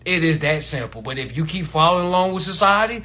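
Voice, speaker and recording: A man with a high voice hosts a livestream in a loose, casual rant. His tone is bright and forward, and he talks bluntly, swears freely and mocks people who disagree with him. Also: expressive, quick pace. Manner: blunt, profane, mocking. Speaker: livestream host.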